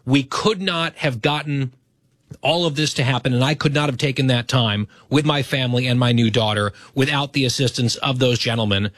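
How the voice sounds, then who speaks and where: A man's voice: medium pitch, steady tone, a little fast, fairly bright tone, dry recording. A man hosting his talk radio show, speaking in an earnest, grateful and self-deprecating way into a studio microphone.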